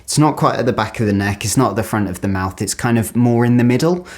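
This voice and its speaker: A man's voice: mid-range voice, quick pace. A man hosting a reaction video, chatting and thinking aloud about accents. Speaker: host reacting to accent clips. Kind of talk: casual reaction commentary.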